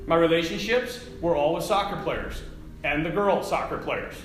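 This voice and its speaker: A middle-aged man giving a lively faith talk to a live audience, telling stories and tossing asides to the listeners. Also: fairly high pitch, normal speed, a little hiss or hum. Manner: animated storytelling with asides to the audience. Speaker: Catholic speaker. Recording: echoey hall with faint ambience.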